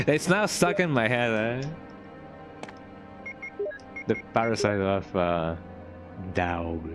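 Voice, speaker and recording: A man streaming a game and chatting as he plays, in a casual, rambling way, with a pitch that swings up and down. He keeps stopping to restart a sentence and ends many of them with a questioning "eh?", while soft music plays in the background. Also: sing-song, slow, long pauses. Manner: rambling, frequent "eh?" tag and restarts. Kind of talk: casual gameplay commentary.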